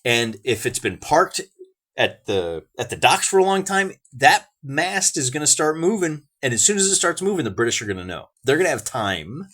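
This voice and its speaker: A man's voice: fairly high pitch, very animated, normal speed, fairly bright tone. An American man hosting a wargaming show, chatting casually through the game with folksy asides and restarts. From United States. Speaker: wargaming channel host.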